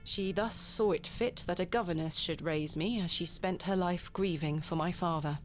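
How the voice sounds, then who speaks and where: An actress voicing a composed young Victorian woman, the protagonist of a game, narrating and speaking in a measured, proper way. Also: on the low side, faint music behind, lightly acted. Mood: reflective.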